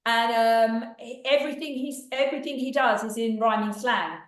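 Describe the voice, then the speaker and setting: A woman's voice: on the high side, moderate pace, roomy sound, recorded from a distance. A woman guest speaking at an event, telling chatty anecdotes about her comedy sketches. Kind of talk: anecdotal storytelling.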